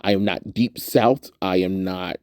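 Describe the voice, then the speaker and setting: A man's voice: low voice, fairly even intonation, unhurried, a little mellow, no room sound, studio quality. A young man from the suburban American South chatting casually through a movie review, rambling with lots of "um"s and frequent laughs. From Southern United States, suburban.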